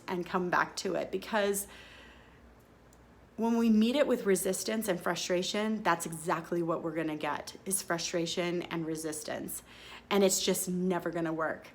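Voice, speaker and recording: A woman hosting a podcast, telling a story in a chatty, expressive way and acting out her own quoted lines. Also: lowish voice, unhurried. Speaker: podcast host. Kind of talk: casual storytelling monologue.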